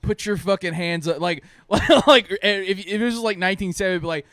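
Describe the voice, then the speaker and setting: A man's voice: sits high, brisk, a bit bright, clean tone, no room sound, clean studio sound. A young man from Jordan co-hosting a podcast in casual chat, laughing often, swearing and teasing. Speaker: podcast co-host.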